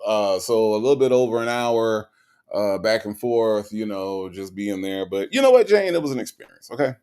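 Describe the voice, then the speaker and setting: A man hosting a casual livestream, greeting viewers by name and reading their comments aloud. He talks in a relaxed way that swings between quiet mumbles and sudden loud bursts. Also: on the low side, normal speed, smooth. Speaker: livestream host.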